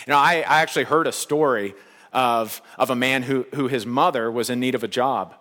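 A man preaching a sermon in a relaxed, conversational, joking way, from a church hall. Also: mid-range voice, a little fast. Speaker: pastor. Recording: long hall reverb.

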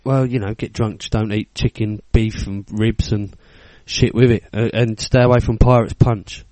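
Low-voiced British man, dry close sound. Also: fairly even intonation, normal speed, mellow, no room sound. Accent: British English. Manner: swearing, laughing storyteller, acts out quotes. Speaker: podcast co-host. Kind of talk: casual chat, storytelling.

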